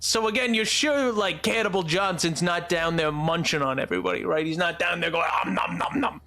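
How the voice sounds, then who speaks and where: A young man streaming a game live, rambling and excitable, laughing often. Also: high voice, fairly quick, gravelly.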